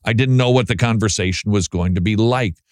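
A man's voice: fairly low pitch, brisk, a little mellow, no room sound, clean studio sound. A man hosting a Christian talk show, chatting wryly and reading listener emails aloud. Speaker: Christian radio host. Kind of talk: casual talk show commentary.

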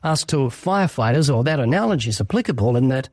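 An evangelist guest gives a preaching-style interview answer in a mid-range, slightly mellow voice, animated and quick. He's earnest and emphatic, slipping into little quoted exchanges he performs himself. The studio recording is clean with no room sound.

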